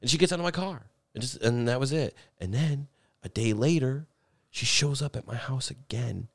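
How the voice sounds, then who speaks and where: A man's voice: mid-range voice, normal speed, vocal fry, no room sound, studio quality. A man telling a long, rambling, profane story in a casual chat with friends.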